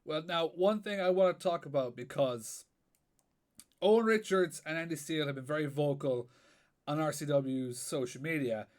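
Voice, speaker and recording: A man hosting a podcast, asking questions in a relaxed, conversational way. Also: a little high, moderate pace. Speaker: podcast host. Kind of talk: casual interview questions.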